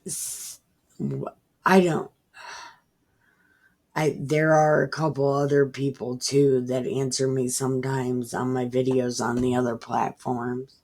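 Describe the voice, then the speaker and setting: A woman's voice: extremely low pitch, flat delivery, slow, a little mellow. A woman casually reading scripture aloud and commenting on it in a rambling, irreverent way, cursing freely. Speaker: online Bible reader.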